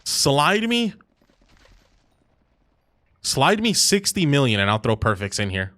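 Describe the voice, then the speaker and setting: A man's voice: medium pitch, sing-song, brisk, fairly bright tone, no room sound, studio quality. A man streaming a video game, chatting casually in a profane, teasing way that often breaks into laughter. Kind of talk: casual gaming chat.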